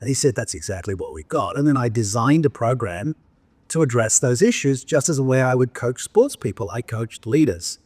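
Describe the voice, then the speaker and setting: An English man in his sixties, his accent softened by years in Australia, recounts his career with frequent "right?" asides and restarts. His voice sits at a middle pitch, recorded dry and close. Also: expressive, normal speed, slightly rough, no echo. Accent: English with some Australian. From England. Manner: anecdotal, self-interrupting, frequent "right?" asides. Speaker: guest, professional speaker. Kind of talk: conversational interview storytelling.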